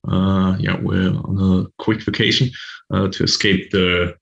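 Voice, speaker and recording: A man from Germany, calling into a software Q&A in a relaxed, hesitant way. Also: low voice, unhurried, gravelly. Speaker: caller, software user. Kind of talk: casual call-in question. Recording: dull lo-fi call audio.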